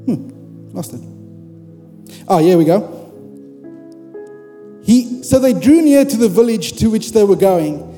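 A man's voice: high voice, big pitch swings, slow, pauses often, warm tone, big-room sound, faint music behind. A man preaching a sermon in a conversational, humorous way, speaking directly to his congregation.

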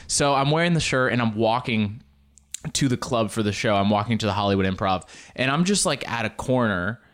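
A man's voice: fairly low pitch, expressive, a little fast, fairly bright tone. Rambling, self-mocking male comedian. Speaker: comedian podcast host. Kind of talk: casual solo chat.

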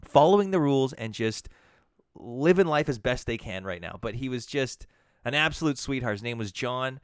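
A man, a bartender and podcast co-host, telling a profane, animated story with frequent restarts. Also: mid-range voice, moderate pace, clean tone, no echo, clean studio sound. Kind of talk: casual chat.

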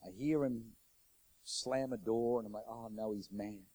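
A middle-aged pastor preaching a sermon, swinging from loud, urgent declarations to hushed, intimate storytelling. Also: male voice, on the low side, unhurried, low-quality recording.

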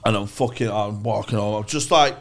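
A man's voice: fairly low pitch, a little fast. A man, telling rambling, sweary anecdotes on a podcast. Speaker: podcast co-host. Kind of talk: casual storytelling chat.

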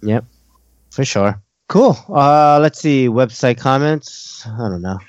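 A man's voice: medium pitch, slow, no echo, highs cut off. A man with a New Jersey accent co-hosting a podcast, reading listener comments in casual chat and laughing often. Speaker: podcast co-host.

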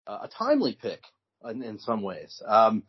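A man co-hosting a podcast in casual chat, telling stories in a relaxed way with frequent restarts. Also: on the low side, normal speed, slightly rough. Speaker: podcast co-host. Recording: dull lo-fi recording.

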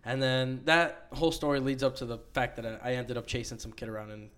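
A man's voice: medium pitch, little pitch movement, fairly quick, fairly bright tone, clear, resonant tone. Young man, casual storyteller, loose slangy delivery, swears a lot. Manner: laid-back storytelling, heavy profanity, slangy. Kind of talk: casual chat.

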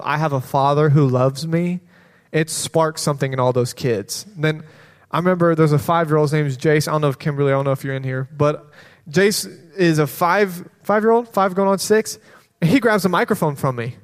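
A fairly high-voiced man preaching to a congregation, bouncing between stories and playful kid impressions. His voice rings out with a long hall reverb behind it. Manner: animated storytelling with quoted voices and laughter. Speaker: children's pastor. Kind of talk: sermon testimony. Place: church sanctuary.

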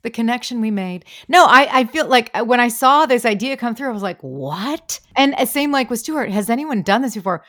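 A woman's voice: fairly high pitch, brisk, few pauses, a bit bright. Bubbly, effusive woman guest. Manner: bubbly and effusive, often laughing. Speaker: impersonator and cookbook co-author, guest. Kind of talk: casual chat.

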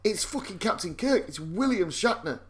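A man's voice: sits high, lively intonation, moderate pace, fairly bright tone. A man co-hosting a podcast, swearing often, laughing and telling stories in casual banter. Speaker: podcast co-host.

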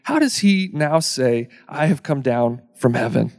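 A man preaching a sermon in a casual, joking way, acting out the crowd's lines in quick asides. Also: medium pitch, lively intonation, darkish tone. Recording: long hall reverb.

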